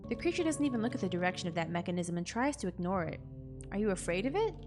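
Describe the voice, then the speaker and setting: A young adult woman playing a game on camera, reading its text aloud and reacting in an expressive, jokey way, with bursts of loud disbelief. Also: medium pitch, quick pace, faint music behind. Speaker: gaming content creator.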